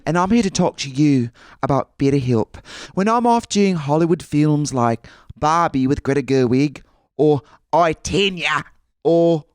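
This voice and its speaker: A man's voice: on the high side, a little slow, no echo, studio quality, close to an everyday voice. A man putting on a vain young female film star, reading a sponsor ad in earnest. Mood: mock-earnest. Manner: mock-earnest, self-flattering ad read. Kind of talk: comedic celebrity impression in a sponsor read.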